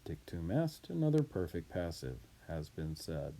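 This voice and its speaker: A man teaching Latin, reading a text aloud and explaining it deliberately, word by word. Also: deep voice, sing-song, dark tone.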